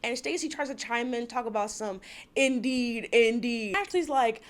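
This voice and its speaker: A woman's voice: a little high, brisk. A woman giving a casual, gossipy recap of a reality TV episode, acting out the cast's lines and laughing often. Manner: animated, gossipy, quotes cast members in voices, laughs often.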